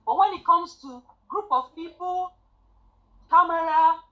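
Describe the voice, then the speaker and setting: A woman, a student nurse telling her story in an animated, chatty way on a group call. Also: very high-pitched, a little slow, highs cut off. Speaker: student nurse sharing a testimony.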